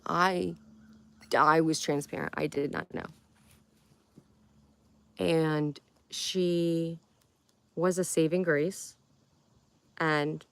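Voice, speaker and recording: A woman's voice: sits low, creaky, clear, resonant tone, dry recording. A young woman from Connecticut hosting a casual livestream, chatting playfully and answering comments one by one. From Connecticut, USA. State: tired. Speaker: livestream host.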